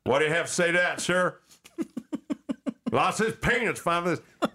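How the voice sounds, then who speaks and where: A man's voice: high voice, expressive, normal speed, bright, forceful tone, voice pushed up, exaggerated voice. A man voicing an insistent male conspiracy theorist who needles with indignant repetition.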